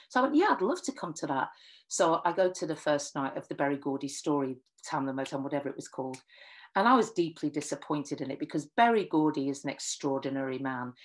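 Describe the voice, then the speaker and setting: A middle-aged woman from Northwest England, a singer telling animated anecdotes and acting out the dialogue. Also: low-pitched. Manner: lively storyteller, acts out quoted dialogue. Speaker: singer and writer giving a talk.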